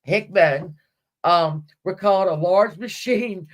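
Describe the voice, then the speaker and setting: A woman's voice: lowish voice, takes it slowly. A woman hosting a livestream, casually retelling a story and giggling as she reads. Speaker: livestream host.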